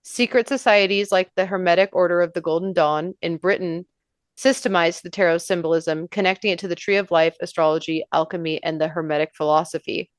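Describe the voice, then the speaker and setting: A woman's voice: on the low side, steady tone, fairly quick, no echo, clean studio sound. Foul-mouthed woman co-host with shrieking laughs. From New York. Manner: loud, profane, bursts into shrieking laughter. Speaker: podcast co-host. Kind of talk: casual chat reading history notes.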